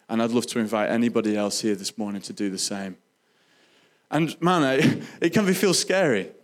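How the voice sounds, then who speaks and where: Earnest man telling a testimony. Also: mid-range voice. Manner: earnest, halting with frequent restarts. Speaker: Christian speaker sharing testimony. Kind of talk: personal testimony storytelling.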